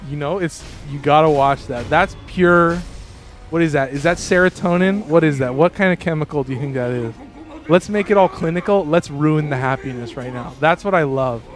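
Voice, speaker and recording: A man talks casually to his livestream viewers in a slightly high voice over faint background game music. He rambles and restarts a lot, with sudden excited leaps in pitch. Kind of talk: casual livestream chat with viewers while gaming.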